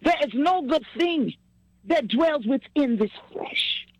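A woman's voice: high voice, animated, slow, dry recording, low-quality recording. A woman chatting with family about her travels and faith, effusive and repetitive, sliding into a preachy tone. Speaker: singer sharing news with family. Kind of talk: casual chat.

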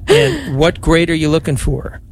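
An older man, a priest, leading a rosary on air and talking with callers in a warm, chatty, consoling way. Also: fairly high pitch, wildly swooping pitch, moderate pace, husky. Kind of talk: live rosary broadcast with callers.

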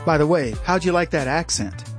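A man's voice: on the high side, expressive, fairly quick, over music. A man hosting a talk radio show in an opinionated monologue, mocking and sarcastic, laughing at his own jokes.

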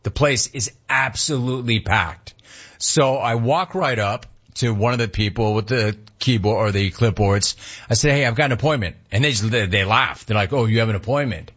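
A man telling a story in a casual, animated way, acting out the other people's lines with sudden jumps in pitch. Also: moderate pace, lo-fi sound.

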